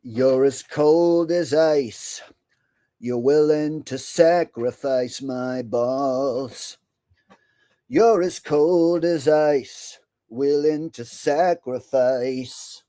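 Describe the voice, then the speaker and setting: A man doing an impression of a well-known politician, crooning a song slowly and softly. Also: medium pitch, no room sound.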